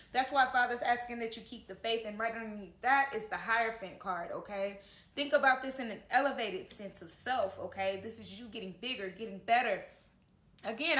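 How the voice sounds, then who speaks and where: Earnest tarot-reading woman, bright echoey voice. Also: fairly high pitch. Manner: earnest, encouraging, often tags lines with "okay?". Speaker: tarot reader. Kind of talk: casual tarot horoscope reading. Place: home room. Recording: echoey room.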